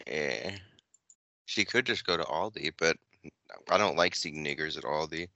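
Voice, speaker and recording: Bright-voiced rambling male podcast host. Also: a bass voice, unhurried, gravelly, no room sound. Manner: rambling storyteller, heavy filler words, laughs often. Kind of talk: casual crude chat.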